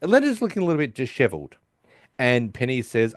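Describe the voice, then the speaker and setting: Recapping an episode casually, a fast-talking male podcast co-host swings hugely in pitch and voices the characters' quoted lines higher and louder. It's recorded dry in studio quality.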